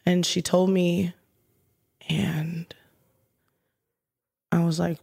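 Woman telling a raw, halting story. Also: on the low side, little pitch movement, gravelly, darkish tone. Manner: halting, searching, with restarts and dropped whispers. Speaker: interview guest, musician. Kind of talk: candid emotional storytelling.

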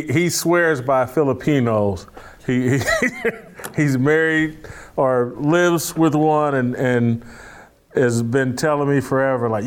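Relaxed chuckling male host. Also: mid-range voice. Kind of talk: casual interview talk.

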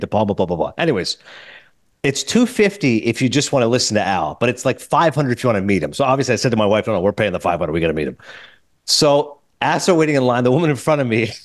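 A man in middle age hosting a casual podcast interview, rattling off stories at a quick clip. His delivery is animated and chatty. The sound is dry and close, with no room around it. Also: mid-range voice, no echo. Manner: fast, animated storyteller. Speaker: podcast host.

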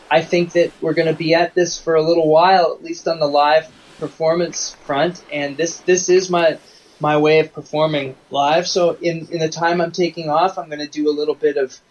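A man who performs live for children, telling stories in a halting way on a casual interview. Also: fairly high pitch. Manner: rambling, halting storyteller with restarts. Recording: dull remote call audio with faint noise.

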